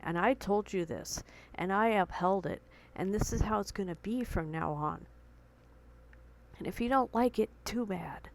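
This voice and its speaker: Her pitch sits in the middle and her pace is measured, with slight background noise on a low-quality recording. Still rattled, heart racing, this young woman recounts a tense confrontation at home, earnestly and emotionally, quoting the dialogue for her storytelling vlog.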